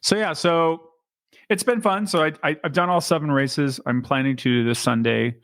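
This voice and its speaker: A man's voice: on the high side, fairly even intonation, moderate pace, a bit bright, no echo, clean studio sound. A man co-hosting a podcast, chatting casually about bike racing and rambling with lots of ums and restarts. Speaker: podcast co-host and amateur bike racer. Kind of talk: casual chat.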